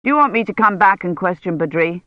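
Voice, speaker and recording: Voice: mid-range voice, lively intonation, lightly acted. A reader plays a tired older man, an academic who weighs each word and questions people methodically. The audio is muffled and dry, with no room echo. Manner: measured, careful. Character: weary older male Oxford don, careful.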